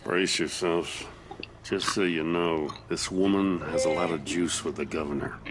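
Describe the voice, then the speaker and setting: An actor playing a weary, gruff middle-aged police commissioner in a video game, dry and matter-of-fact. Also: male voice, sits low, fairly even intonation, measured pace, very noisy. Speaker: game character.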